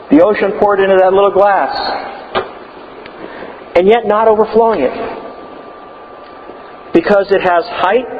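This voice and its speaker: A man's voice: sits high, a little hiss or hum. Guy preaching a sermon, gets emphatic, long echo like a big church, kinda muffled audio. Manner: emphatic, rising to loud quoted declarations.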